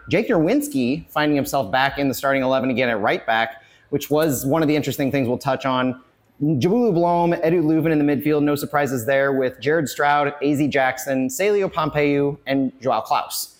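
A man hosts a sports podcast from a tavern, his voice sitting a little high. He is slightly out of breath and moves fast through the team lineup. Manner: energetic, rapid listing of lineups. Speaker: podcast host. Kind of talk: casual sports podcast chat. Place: bar and tavern, live on location.

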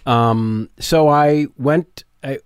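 Lively male storyteller on a podcast. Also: mid-range voice, drawn-out words, clean tone, dry recording, clean studio sound. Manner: lively storyteller who acts out voices. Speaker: podcast guest. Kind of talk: animated storytelling in casual chat. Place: garage home studio.

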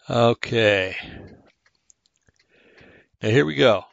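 An older man hosting a radio show, with a raspy, haggard voice, talking casually and reading aloud slowly, with many pauses and fillers. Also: on the low side, a bit bright, dry recording, highs cut off. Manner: slow, halting, many fillers and restarts.

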